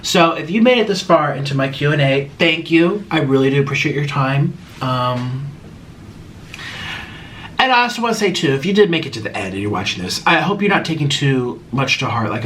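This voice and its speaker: A man's voice: on the high side, sing-song, fairly quick, fairly bright tone, a little hiss or hum. A young man hosting a casual vlog Q and A, talking straight to camera with dramatic swings between exasperation and mockery. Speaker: YouTuber hosting a Q and A.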